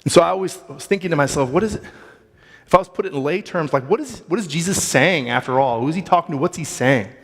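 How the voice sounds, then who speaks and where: A man's voice: fairly high pitch, expressive, fast, a bit bright, breathy edge. An earnest male preacher with a slightly raised voice, reflecting aloud on a scripture passage. He asks rhetorical questions and restarts phrases as he goes. His words carry a long reverb through the church. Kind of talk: sermon reading and reflection. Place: church sanctuary.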